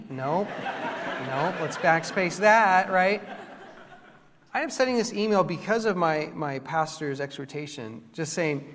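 A male pastor preaches with animated, self-mocking humor and acts out what people said. His voice sits a little high for a man. A long reverb trails each phrase through the church. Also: unhurried, pauses often, a little hiss or hum. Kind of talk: sermon with storytelling.

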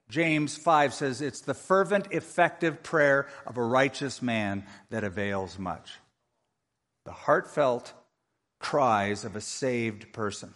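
A man preaching a sermon as pastor, lively and humorous, acting out other people's prayers to make his points. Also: medium pitch, slow. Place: church sanctuary. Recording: long reverb of a large hall.

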